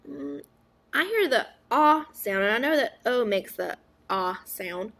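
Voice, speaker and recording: A woman teaching a phonics lesson to young children, sounding out words slowly, asking questions and praising answers. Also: medium pitch, creaky, fairly bright tone. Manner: stretches out sounds, asks and praises an imagined class.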